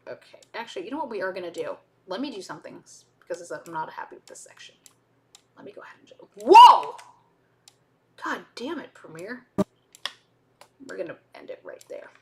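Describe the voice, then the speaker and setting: A woman streaming while she edits, chatting casually in a rambling way with frequent self-interrupting asides. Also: lowish voice. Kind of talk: casual chat while video editing.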